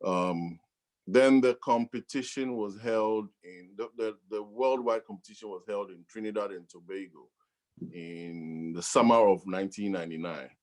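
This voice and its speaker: A middle-aged man from Ghana, a DJ and professor appearing as a guest, tells stories in a casual interview. His voice is lowish and his pace moderate, and his storytelling is animated, with frequent laughter.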